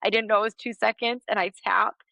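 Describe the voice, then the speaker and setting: A woman in her thirties tells a story with animated energy and frequent laughter. Her voice is bright and clear, in the middle of her range. The recording is dry and close, with no room echo. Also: mid-range voice, a little fast. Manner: animated, laughs often while telling a story. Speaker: podcast guest. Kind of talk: storytelling in a casual interview.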